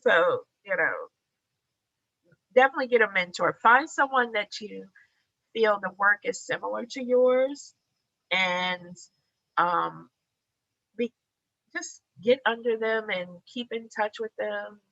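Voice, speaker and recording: A woman artist giving a casual guest talk, animated and acting out the dialogue in her stories. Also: medium pitch, slow, creaky, long pauses, no echo. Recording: dull lo-fi sound.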